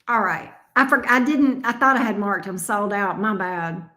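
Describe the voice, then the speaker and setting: A woman's voice: medium pitch, moderate pace, sharp tone. A woman reading tarot on a casual livestream, sleepy and affectionate with her viewers. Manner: drawling and affectionate, sleepy, calls viewers love bug and honey. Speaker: tarot reader. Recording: roomy echo.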